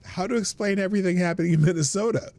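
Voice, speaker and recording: A man's voice: high-pitched, racing, darkish tone. A man from Nebraska who hosts a live stream, giving mocking commentary and laughing often. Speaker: host.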